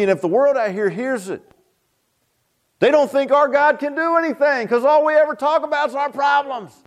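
A man preaching a sermon, emphatic, with dramatic swings in pitch. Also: normal speed.

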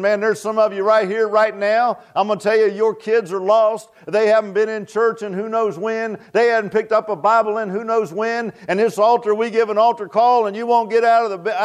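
Fervent older preacher man. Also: sits high. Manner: fervent, folksy preaching with rhetorical "huh?". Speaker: pastor. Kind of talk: revival sermon.

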